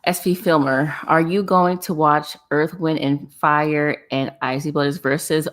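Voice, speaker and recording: A woman with a notably low voice hosts a loose, casual livestream chat and answers her viewers' comments. She talks in an animated way, breaks into laughter often and repeats phrases for effect. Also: fairly quick.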